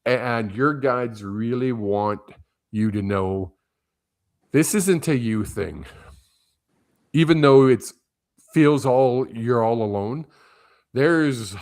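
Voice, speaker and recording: A man speaking as a medium on a live stream, talking unhurriedly and taking his time over each phrase. His manner is gentle and reassuring, casual, with loose sentences and frequent ums. His voice sits at an ordinary middle pitch. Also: animated, slow, long pauses. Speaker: medium giving a reading.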